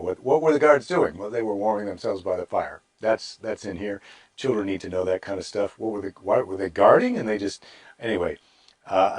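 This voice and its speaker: A middle-aged man, a comedian hosting a daily show, reading a Bible story aloud and breaking off into wry, rambling asides. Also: lowish voice.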